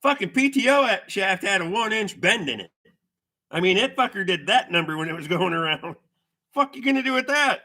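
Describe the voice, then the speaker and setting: A middle-aged man spins rambling, profanity-laced anecdotes for his stream chat and stops now and then to read viewer comments aloud. His voice sits a little high and comes across bright and forceful. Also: animated, normal speed. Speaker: livestream host. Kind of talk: casual storytelling chat with viewers.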